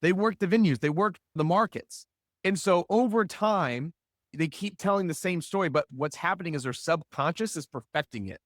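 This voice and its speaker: A man's voice: a little high, expressive, normal speed, no room sound, studio quality. A middle-aged man giving a business talk, telling stories with lots of rhetorical questions and acted-out quotes. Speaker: business speaker. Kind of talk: animated storytelling talk.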